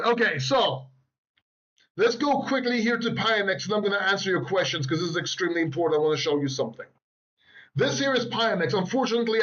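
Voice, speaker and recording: Recorded lo-fi on a laptop mic, this crypto channel host has a somewhat bright voice that sits high. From his beach house he offers casual, boastful, rambling takes on the market over charts, tossing in jokes along the way.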